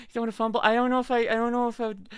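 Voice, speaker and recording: A young woman streaming as she reacts to videos, gushing, swearing freely and squealing with excitement. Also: on the high side, very noisy. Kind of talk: casual live-stream chat.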